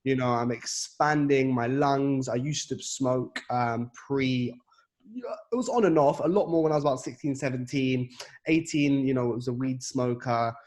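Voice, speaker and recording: A man in his twenties, a podcast guest in casual conversation. He speaks reflectively and haltingly, often pausing on fillers. His voice sits at a middle pitch for a man. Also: darkish tone. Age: 20s. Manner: reflective, halting, many fillers like "you know" and "um". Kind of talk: casual chat.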